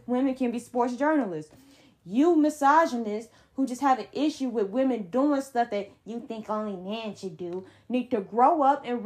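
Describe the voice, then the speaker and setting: A woman's voice: fairly high pitch, darkish tone. A young adult woman hosting a solo sports podcast, ranting in a heated, emphatic way with blunt slang. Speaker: podcast host.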